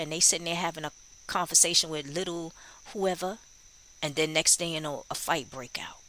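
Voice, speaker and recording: Casual true crime commentator, tense and bright in tone, musing aloud and quoting people. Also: mid-range voice, steady tone, fairly quick, slight background noise, rough recording. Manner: musing, rhetorical, acts out quoted dialogue.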